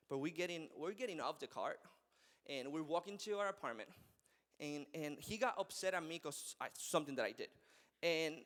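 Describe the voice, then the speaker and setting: A man in his thirties preaching a sermon to a live church crowd, with an animated, personal manner and frequent laughter. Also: high voice. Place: large church hall with a live audience. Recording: long hall reverb.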